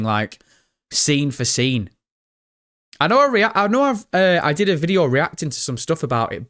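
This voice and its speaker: A man streams live and talks through a trailer scene by scene for his chat. His voice sits a little high for a man, and he swears casually as he reads and answers comments. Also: a bit bright. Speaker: gaming streamer.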